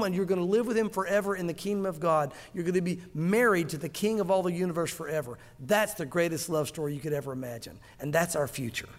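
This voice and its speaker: Male preacher, high voice, expressive storyteller, church hall reverb. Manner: animated storytelling, acting out dialogue. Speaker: pastor. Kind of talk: sermon.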